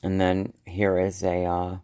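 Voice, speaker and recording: A man with a somewhat low voice rambles through a casual show-and-tell, trailing off and restarting his sentences. He speaks slowly, with a slight lisp and a slightly slurred edge to his words. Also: completely flat delivery, mellow, clear, resonant tone. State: slurred speech. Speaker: vlogger.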